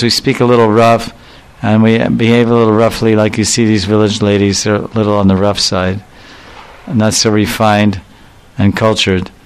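Smooth-voiced man preaching devotional stories. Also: fairly low pitch, low-quality recording. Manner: animated, acts out voices while explaining verses. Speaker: religious speaker. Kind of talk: devotional sermon with storytelling.

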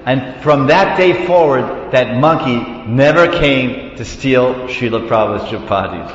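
A man giving an animated devotional class, telling stories with laughter and bursts of song. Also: medium pitch, unhurried. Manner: animated storytelling, laughs, sings syllables. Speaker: preacher. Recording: roomy hall with long reverb, dull lo-fi sound.

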